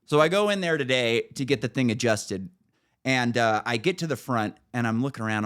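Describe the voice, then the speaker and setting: A man's voice: mid-range voice, animated, brisk, a bit bright. A man hosting a podcast, telling a story in a casual, profane, rambling way with frequent restarts. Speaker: podcast host.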